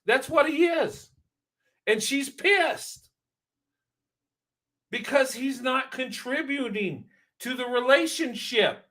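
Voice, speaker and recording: A man's voice: very high voice, pushed and bright. A man hosting a reaction video, giving casual commentary in an emphatic, preachy way and repeating points for stress.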